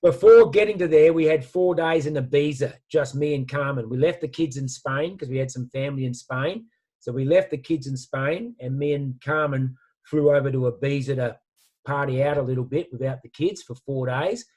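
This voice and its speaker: A man giving an animated motivational talk and telling stories with casual slang. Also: medium pitch, moderate pace. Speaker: guest speaker.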